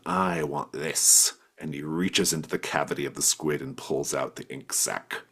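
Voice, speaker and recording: A man's voice: rumbling low, fairly even intonation, normal speed, fairly bright tone, breathy edge. A man narrating as game master of a tabletop role-playing game, loosely, with lots of fillers. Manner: loose, rambling with many fillers.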